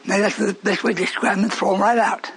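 A man preaching a fiery sermon, scolding and shouting, answering a congregation in call-and-response. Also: high voice, level tone, fairly quick, slightly rough, low-quality recording.

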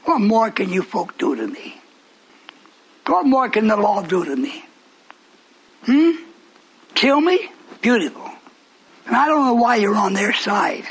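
A man preaching a fiery sermon, speaking emphatically and breaking into shouts. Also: high-pitched, very animated, unhurried, long pauses, husky, poor audio.

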